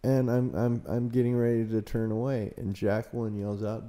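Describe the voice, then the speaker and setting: A man's voice: mid-range voice, flat delivery, normal speed, mellow. A man who looks after a haunted building, telling a ghost story in an interview with lots of fillers and laughs at himself. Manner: rambling, hesitant with many fillers, laughs at himself.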